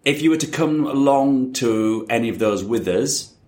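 A man's voice: medium pitch, animated, normal speed, darkish tone. A man co-hosting a podcast, asking questions in casual chat. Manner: upbeat, asks questions. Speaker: podcast co-host.

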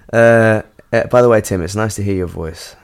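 A man's voice: fairly low pitch, unhurried. A young man hosting a podcast from a hotel, chatting loosely, joking and swearing. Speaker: podcast host. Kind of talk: casual podcast chat.

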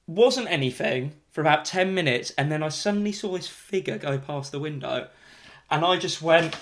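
A young man co-hosting a casual chat, animatedly telling a story and acting out his own shouts. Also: on the high side, lively intonation, normal speed. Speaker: podcast co-host.

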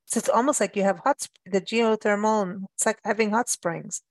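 A woman's voice: medium pitch, steady tone, fairly quick, dry recording. A woman from Africa, hosting a travel radio show in casual chat, chatty and playful with frequent laughs. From South Africa.

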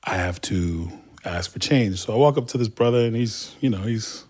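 A man in his forties from Turkey, speaking with a light Turkish accent, telling stories as a guest in a lively, animated way. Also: fairly low pitch, normal speed. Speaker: guest, music producer. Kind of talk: casual storytelling.

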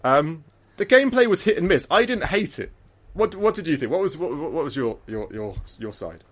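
A man co-hosts a podcast in relaxed, casual conversation. He rambles, restarts his sentences often and laughs easily. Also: fairly high pitch, moderate pace. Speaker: podcast co-host. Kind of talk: casual chat.

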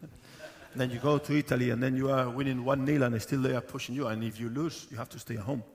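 A man, a football club manager, answering questions on stage at a live event, halting with many fillers and often laughing. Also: mid-range voice, fairly even intonation.

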